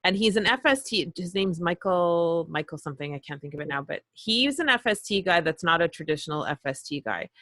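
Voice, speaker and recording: A woman's voice: on the low side, expressive, fairly quick, hardly any pauses, fairly bright tone, dry recording. A woman hosting a casual interview, telling stories candidly and swearing freely. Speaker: host. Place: Toronto.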